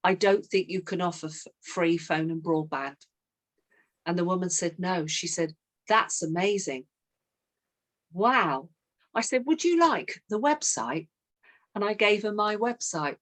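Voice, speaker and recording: A woman's voice: medium pitch, big pitch swings, measured pace, pauses often, a bit bright. A middle-aged woman leading a team coaching session, telling a sales story and acting out both sides of the call.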